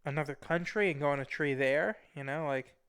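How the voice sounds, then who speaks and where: Male talk show host, slightly high and smooth-voiced, teasing, playfully rude. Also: a little fast, fairly bright tone. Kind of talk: casual interview in VR.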